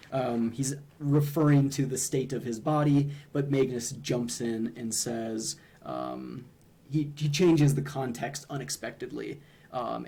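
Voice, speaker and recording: A young man with a gravelly, mellow voice chats casually about game humor on a stream. He is hesitant and full of ums, often restarting his sentences. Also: mid-range voice.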